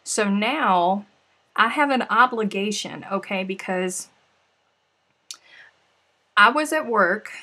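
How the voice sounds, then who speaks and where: A woman's voice: mid-range voice, animated, takes it slowly, pauses often, bright, forceful tone. A woman hosting a casual crafting livestream, chatty and playful, often sighing and laughing between remarks. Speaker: livestream host.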